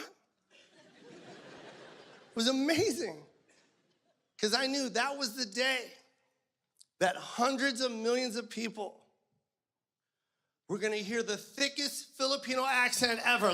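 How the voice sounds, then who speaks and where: A male stand-up comedian telling stories with animated, profane delivery, shouting his punchlines on stage. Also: very high voice, measured pace, creaky, pauses often, some chatter behind. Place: comedy stage before a live audience. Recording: live stage mic with audience and room noise.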